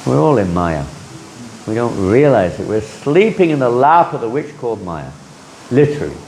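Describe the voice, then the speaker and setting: A man teaching a scripture class in a lively way, often acting out the voices of people he quotes. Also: mid-range voice, moderate pace, echoey room, a little hiss or hum, low-quality recording. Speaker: spiritual teacher.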